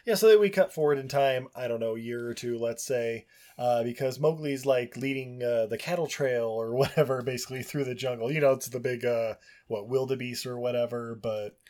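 A man's voice: mid-range voice, brisk, a little mellow. A man co-hosting a casual movie-review podcast, rambling and joking, often slipping into silly voices. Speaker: podcast co-host.

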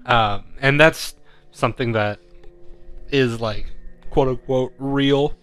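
A man's voice: mid-range voice, slow pace, a bit bright, smooth, soft background music. A man co-hosting a podcast in casual chat, rambling with lots of fillers and laughing often. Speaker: podcast co-host.

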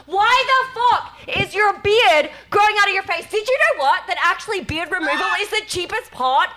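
A woman's voice: very high voice, expressive, normal speed, pushed and bright. A woman on a podcast panel, blunt and combative, swearing heavily in a heated argument. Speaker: panel guest. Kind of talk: heated group discussion.

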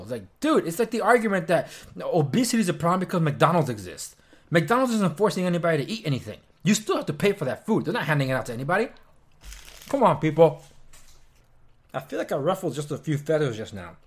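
A young man hosts his own news podcast in a loose, opinionated rant. His pitch jumps high when he gets worked up, and he throws in sarcastic asides. The delivery is casual and unscripted, with frequent fillers. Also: quick pace, husky. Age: young adult. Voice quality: chewing while talking at times. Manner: animated, ranting, sarcastic asides with mock quotes. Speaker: podcast host.

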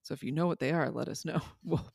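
A man's voice: a little high, quick pace, gravelly, breathy edge, dry recording, studio quality. A man co-hosting a parenting podcast, talking things through reflectively with everyday examples. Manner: reflective, explains with examples and asides. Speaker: podcast co-host. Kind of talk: casual parenting podcast chat.

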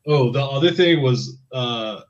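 A man co-hosting a casual book podcast, relaxed and casually swearing. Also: medium pitch, a little slow. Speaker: podcast co-host. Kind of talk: casual book discussion chat. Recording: dull lo-fi sound.

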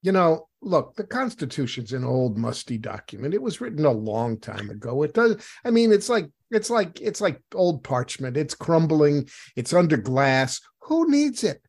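A man cohosting a political talk show, sarcastic and halting, often starting sentences over. His voice sits a little higher than most men's. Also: very animated, darkish tone, husky. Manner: sardonic, halting with restarts. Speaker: co-host.

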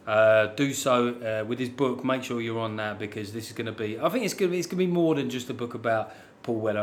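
A man hosting a podcast, chatting casually and signing off with sarcastic, sweary asides. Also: medium pitch. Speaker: podcast host. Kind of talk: casual podcast chat and sign-off.

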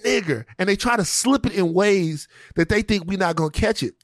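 A man co-hosting a podcast, riffing in an animated, profane, comedic way. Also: sits high, a little fast, no echo, studio quality. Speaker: podcast co-host. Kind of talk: casual comedic chat.

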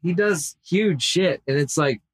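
A man's voice: on the high side, a little slow, poor audio. A man hosting a casual podcast, swearing freely and acting out quotes as he tells stories. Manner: profane, laid-back storyteller acting out quotes. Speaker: podcast host and tattoo artist. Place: workshop.

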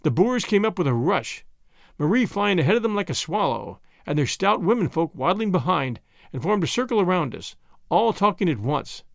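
A man narrating a novel in the first person, reading in an expressive, dramatic way. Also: high voice, moderate pace, creaky, no echo, clean studio sound. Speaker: audiobook narrator.

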